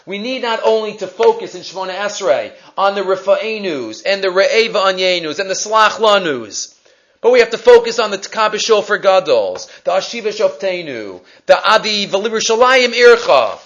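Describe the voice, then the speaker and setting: A man giving a weekly Torah lesson, animated, rising to near shouts and dropping to quiet emphasis. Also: high voice, moderate pace. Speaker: Torah teacher. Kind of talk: weekly Torah portion lecture. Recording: dull lo-fi recording.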